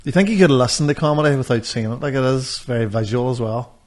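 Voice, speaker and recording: A young man, co-hosting a podcast, telling animated sweary stories in casual chat. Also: mid-range voice, fast talker. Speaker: podcast co-host.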